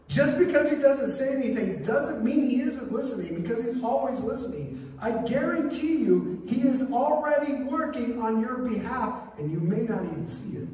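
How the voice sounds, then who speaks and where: Picked up from far away in an echoey church hall, with a little hiss or hum, a man preaches in the sanctuary. As pastor he tells stories and acts out the characters' voices, his very high voice carrying a darkish tone.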